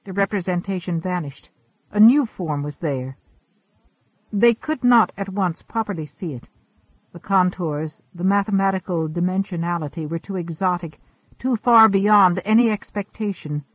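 A man reading a science fiction story aloud as an audiobook narrator, in a measured way, lightly voicing the characters. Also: sits high, dry recording. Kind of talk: scripted narration. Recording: tinny phone-like sound.

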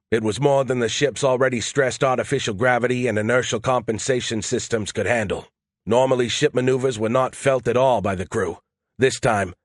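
Male audiobook narrator, first person, steady and tense, dry recording. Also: mid-range voice, no echo.

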